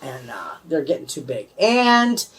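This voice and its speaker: A woman's voice: deep voice, big pitch swings, measured pace. A woman in her fifties with a Michigan accent, chatting casually and rambling in a folksy, homespun way about her homestead. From USA. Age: 50s. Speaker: homesteading vlogger. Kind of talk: casual chat to camera.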